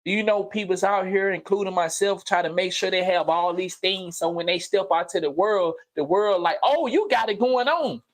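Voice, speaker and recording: A man's voice: fairly even intonation, moderate pace, hardly any pauses. Blunt, preachy man ranting on a livestream. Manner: blunt, preachy, profane street slang; emphatic, repeats phrases, swings from low murmurs to loud outbursts. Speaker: livestream host. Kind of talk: unscripted motivational monologue on a livestream. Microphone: streaming mic.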